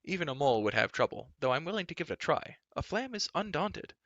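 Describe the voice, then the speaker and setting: A man's voice: a little high, very animated, quick pace, a bit bright, dry recording, muffled recording, voice pushed up. A man voicing a wry, talkative male bard in a storybook reading.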